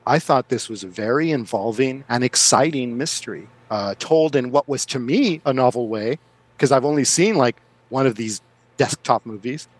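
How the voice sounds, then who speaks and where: A man talking as a guest on a movie podcast, rambling and animated, with restarts and laughs in casual chat. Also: medium pitch, dry recording.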